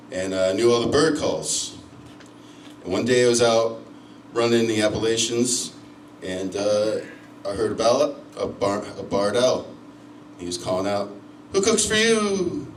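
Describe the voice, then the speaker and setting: A man's voice: fairly low pitch, a little hiss or hum. A man doing a stand-up comedy set, telling crude, self-mocking stories. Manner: crude, self-mocking storytelling with loud owl-call yells. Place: comedy club stage. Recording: echoey club from far off. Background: crowd laughter.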